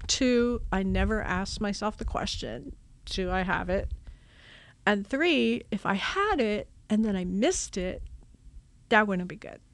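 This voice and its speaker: A religious sister telling her vocation story in a casual, animated way, acting out old conversations. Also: medium pitch. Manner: animated, acts out her own past dialogue with laughs.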